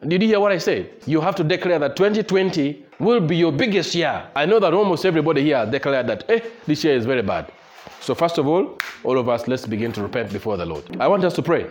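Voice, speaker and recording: Emphatic male pastor with a lively voice. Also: a little high, fast, slight background noise. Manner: emphatic, repetitive exhortation, leads congregation in prayer. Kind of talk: sermon. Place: church service with congregation.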